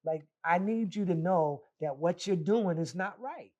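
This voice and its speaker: A man with a slightly high voice hosts a podcast interview. He talks casually, affirming his guest and echoing his words back. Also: measured pace, darkish tone, muffled recording. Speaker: podcast host.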